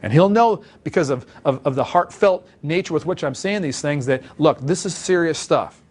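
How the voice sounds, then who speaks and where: A man whose voice is on the high side, speaking at normal speed, gives instructional talk as a sales trainer. He coaches listeners emphatically on making sales calls, acting out examples along the way.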